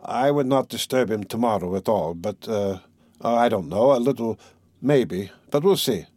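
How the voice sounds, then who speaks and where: A man reading an audiobook, voicing a lazy, self-important young doctor who speaks slowly and offhandedly, with hesitant fillers. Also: on the low side, lively intonation, a little mellow, no room sound. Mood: offhand.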